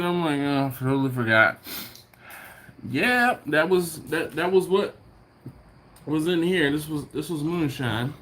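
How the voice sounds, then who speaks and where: A man's voice: on the high side, animated, measured pace, long pauses, fairly bright tone. A man hosting a casual live stream from home, greeting viewers by name and chuckling as he reads their comments. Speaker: barbecue livestream host.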